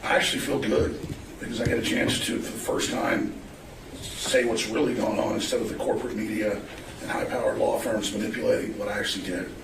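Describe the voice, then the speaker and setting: Deep gravelly man testifying in court. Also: fairly even intonation, brisk. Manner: argumentative. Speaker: trial witness. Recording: echoey courtroom, distant mic, noisy.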